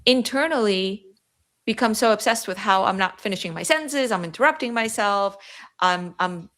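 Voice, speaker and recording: A woman's voice: medium pitch, animated, normal speed, a bit bright. A woman with a Yiddish accent, Yiddish as her first language, chatting as a podcast guest and often breaking off mid-sentence. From New York, USA. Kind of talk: podcast conversation.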